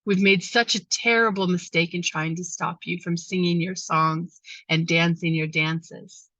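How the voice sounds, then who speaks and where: A council of animals speaks with one voice, put on by a woman. The voice is bright and dry. The recording is dull and lo-fi. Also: lowish voice, steady tone, measured pace, dry recording, voice pushed down. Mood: remorseful. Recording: dull lo-fi sound.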